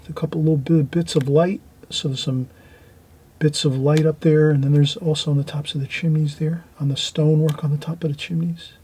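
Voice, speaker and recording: A man teaching a watercolour painting demonstration, talking gently as he paints and trailing off into quiet asides. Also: on the high side, husky.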